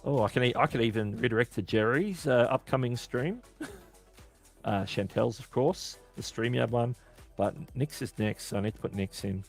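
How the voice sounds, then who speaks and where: An Australian man with a mid-range voice hosts a casual live-stream Q&A at a moderate pace, with faint music behind him. He's chatty as he answers questions from the chat, often correcting himself mid-sentence.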